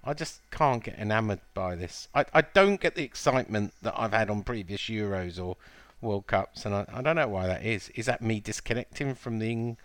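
A man's voice: lowish voice, lively intonation, brisk, a bit bright, no echo. A man hosting a casual football podcast, teasing his co-host and moving the segments along.

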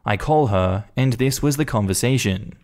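A man reading a first-person Reddit story aloud in an animated, indignant storytelling manner. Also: mid-range voice, moderate pace. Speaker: story narrator.

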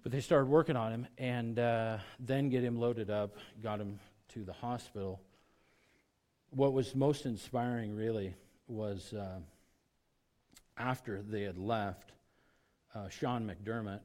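A man preaching a sermon, talking casually to his congregation and swinging from hushed, quiet lines to loud, emphatic peaks. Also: on the low side, a little slow. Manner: conversational, with many restarts and asides to the congregation. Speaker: pastor.

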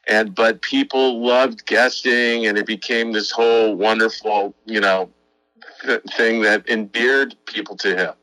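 A middle-aged man tells a story in a casual interview, lively and acting out what others said, restarting his sentences often. His voice is low but bright and forceful. The recording is close and dry. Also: a little slow, no room sound, faint music behind, poor audio. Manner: animated, acts out quotes, frequent restarts. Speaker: advertising executive guest.

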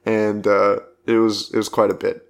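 A man's voice: fairly low pitch, completely flat delivery, moderate pace, gravelly. A young man telling a casual personal anecdote, rambling with lots of "like" fillers and frequent laughs. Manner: rambling, full of "like" fillers, laughing between lines. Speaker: storyteller.

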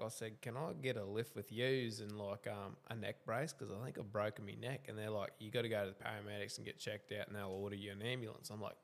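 A man's voice: on the low side, fairly bright tone. A young Australian man telling a story on a casual podcast, laid-back, swearing freely and laughing as he goes. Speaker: podcast co-host.

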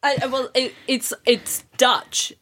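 A woman's voice: sits high, steady tone, unhurried, a crowd in the background. Woman contestant, casual, hesitant, self-deprecating. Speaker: quiz contestant. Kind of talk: casual chat.

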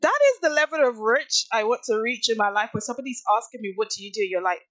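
A woman chatting casually as a podcast co-host, animated and quick to laugh. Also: a little high, no echo. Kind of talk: casual chat.

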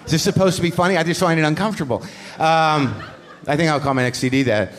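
A man hosting a live podcast on stage, telling a story in an animated, profane and self-deprecating way. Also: on the high side, brisk. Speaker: podcast host and comedian. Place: on stage at a live comedy show.

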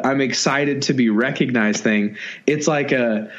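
A man's voice: mid-range voice, measured pace, fairly bright tone, highs cut off. A man co-hosting a podcast in casual chat, enthusiastic and rambling, with a self-deprecating streak. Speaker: podcast co-host.

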